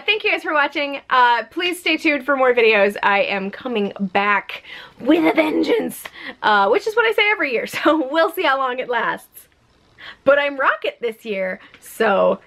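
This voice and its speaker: A beauty vlogger films a casual makeup unboxing at home, gushing, exclaiming and giggling often. Her voice is high, bright and forceful in tone. The low-quality recording has a little hiss or hum.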